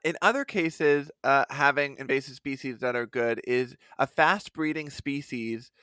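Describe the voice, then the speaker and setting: Podcast co-host, male, bright forceful voice, dry close sound, jokey and quick to laugh. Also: medium pitch, smooth, dry recording. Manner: laughs often and slips into silly voices. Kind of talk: casual comedic chat.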